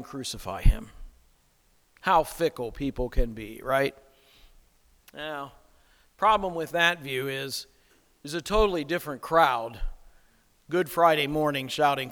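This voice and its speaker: Slow, bright-voiced preacher in a reverberant hall. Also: male voice, on the high side. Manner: rhetorical questions, emphatic preaching. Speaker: pastor. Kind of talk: sermon.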